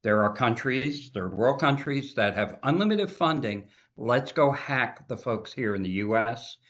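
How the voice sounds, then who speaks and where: A man speaking as a cybersecurity consultant guest in a casual interview, talking in an animated, emphatic way and often repeating words. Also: mid-range voice, unhurried. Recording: dull lo-fi audio.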